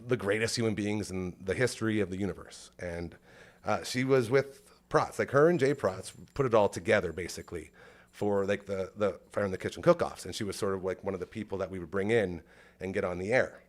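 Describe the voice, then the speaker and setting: A deep-voiced man hosting a podcast speaks briskly while telling an emotional story, rambling casually with lots of "like."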